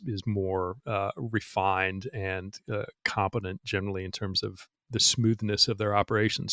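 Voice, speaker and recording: A man's voice: on the low side, a bit bright, dry recording, studio quality. A middle-aged man, a guest in an interview, explaining things frankly in a rambling, casual way full of restarts. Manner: rambling, frank, peppered with "you know" and restarts. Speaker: guest, former counterintelligence agent.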